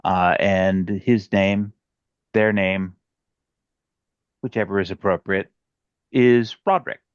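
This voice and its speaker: Casting: slow, hesitant male player, lowish voice, dull dry audio. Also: fairly even intonation, smooth, no echo. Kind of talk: in-character tabletop role-play.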